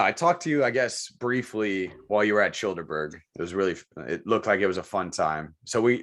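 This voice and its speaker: A man co-hosting a podcast, telling military stories in casual profane chat and mimicking the people he quotes. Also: fairly low pitch. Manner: profane, animated storytelling with mimicked voices. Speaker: podcast co-host.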